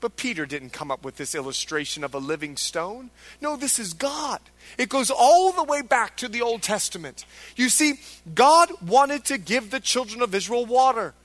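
Man, pastor, very high voice, emphatic sermon delivery. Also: animated, normal speed, a bit bright. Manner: preaching with dramatic voices for biblical figures, emphatic.

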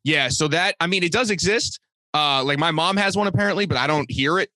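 Fast, bright-voiced young man rambling. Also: a little high, no echo. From Boston area, US. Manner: quick, rambling, full of fillers like "you know" and "like". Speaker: guest, comedian and designer. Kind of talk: casual interview chat.

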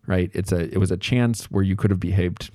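A man's voice: low voice, fairly even intonation, brisk, warm tone, no echo, studio quality. A man hosting a podcast, talking through ideas in a casual, conversational way, thinking aloud with fillers and made-up examples. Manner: acts out little bits of dialogue in passing. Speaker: podcast host. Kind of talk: casual solo explanation.

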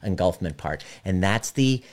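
A man working as a relationship coach, talking directly and emphatically to a live audience and slowing down to guide a visualization. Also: low-pitched, lively intonation.

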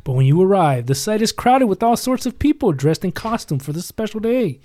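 Guy reading an adventure book out loud to friends, lots of ups and downs in his voice, jokes around, dry close sound. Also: high voice, sing-song, brisk, no echo. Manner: playful, jokey asides while reading. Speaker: podcast host. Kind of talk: reading a gamebook aloud with banter.

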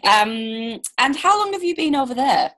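A woman's voice: high voice, sing-song, normal speed, a bit bright. A woman hosting a casual interview podcast, chatty and rambling, with lots of fillers and restarts. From United Kingdom. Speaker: podcast host.

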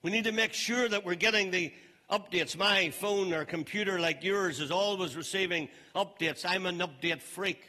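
High-voiced preacher in an echoing hall. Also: male voice, pushed and bright. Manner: emphatic preaching with slowed, stressed phrases. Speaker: pastor. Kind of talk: sermon. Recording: long reverb of a large hall.

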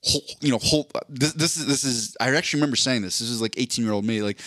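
A man's voice: mid-range voice, fast talker, fairly bright tone, no room sound. A man in his forties telling a long story on a podcast, rambling and swearing, full of fillers and restarts. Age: 40s. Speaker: podcast host. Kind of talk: casual storytelling chat.

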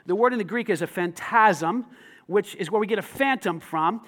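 High-voiced animated preacher man. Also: normal speed. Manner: animated, swings from loud emphasis to quiet asides; conversational, asks the congregation questions. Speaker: pastor. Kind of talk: sermon.

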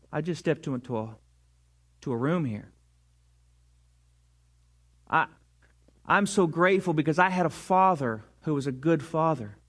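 A man with a notably high voice delivers a sermon in a church. He talks conversationally, stumbling and restarting sentences, and now and then drops his voice low and quiet for effect. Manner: conversational preaching with frequent restarts and sudden volume drops. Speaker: pastor. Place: church sanctuary.

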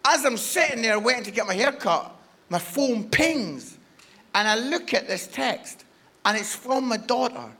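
A Scottish man in his forties, a guest preacher telling a funny personal story in a sermon and acting out the dialogue. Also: sits high. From Scotland. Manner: animated, humorous, acts out dialogue.

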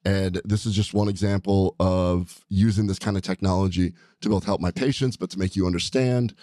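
Low-voiced guy hosting a podcast, excited and rambly, dry studio sound. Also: fairly quick, dry recording. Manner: enthusiastic, rambling, frequent restarts. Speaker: podcast host, doctor. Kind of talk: casual podcast chat.

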